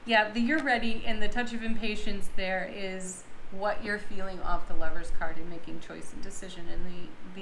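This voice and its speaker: Woman, tarot reading, soft drawn-out affirmations, breathy laughs, echoey room, noisy background. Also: mid-range voice. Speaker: tarot card reader. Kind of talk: daily tarot reading to viewers.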